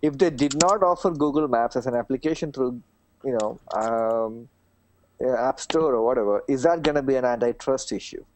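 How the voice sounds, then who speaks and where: A man's voice: mid-range voice, moderate pace, slight background noise. Brief: South Indian English-accented man, meandering co-host voice, with typing in the background. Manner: rambling, hesitant, self-mocking. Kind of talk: casual panel chat.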